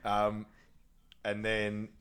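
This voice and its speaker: A man's voice: on the low side, very slow, smooth. A man co-hosting a podcast, recapping a film in casual chat, often laughing and acting out scenes. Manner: laughing, animated retelling with acted-out quotes. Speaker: podcast co-host.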